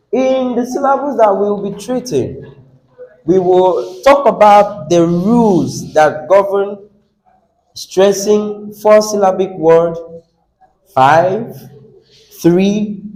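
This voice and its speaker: A man's voice: high voice, very animated, slow, long pauses, a little mellow, poor audio. A man with a Nigerian English accent teaching a classroom lesson on word stress, coaxing the class, repeating words and asking questions.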